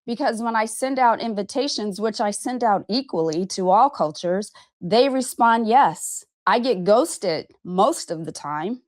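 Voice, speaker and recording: A woman's voice: medium pitch, dry recording, studio quality. A woman in her fifties from Arizona who talks frankly and emphatically to camera about her own life, with casual swearing and a repeated "okay?". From Arizona, USA. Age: 50s. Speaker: vlogger and podcast host. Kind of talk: candid personal monologue to camera.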